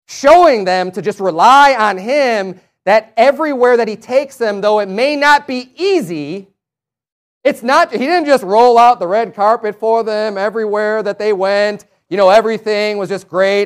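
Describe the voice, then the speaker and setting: A man's voice: high voice, measured pace. A man preaching a sermon, reading scripture aloud and rising to emphatic, raised passages.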